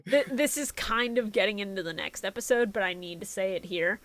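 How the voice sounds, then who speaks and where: A woman's voice: medium pitch, a little fast, a bit bright, dry recording, poor audio. A woman co-hosting a casual podcast, sarcastic, swearing freely and laughing often as she recaps an episode. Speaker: podcast co-host.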